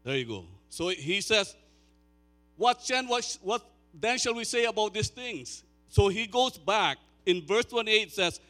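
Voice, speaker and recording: Sixty-something preacher, slow emphatic sermon. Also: male voice, high voice, animated, soft background music. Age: 60s. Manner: swells to loud, slow, emphatic declaiming; chatty asides to the congregation. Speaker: pastor.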